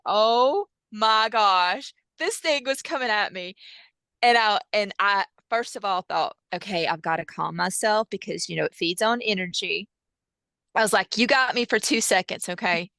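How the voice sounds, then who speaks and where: A woman, a hypnosis practitioner telling session stories in a lively way, with many fillers and quoted dialogue. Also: medium pitch, normal speed, dry recording. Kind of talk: animated storytelling in casual chat.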